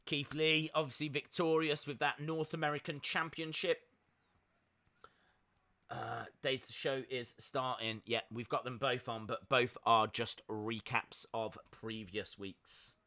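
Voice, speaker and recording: A bright-voiced man with a fairly high pitch reacts live as a stream host, giving casual wrestling watch-along commentary. He's chatty and upbeat, uses many fillers, and reads out chat messages.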